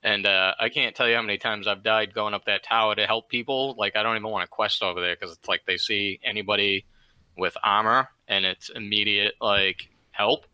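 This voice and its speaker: A man's voice: fairly low pitch, fairly even intonation, a little fast, sharp tone, smooth, no echo, low-quality recording. A man on a casual gaming podcast panel telling a wry anecdote.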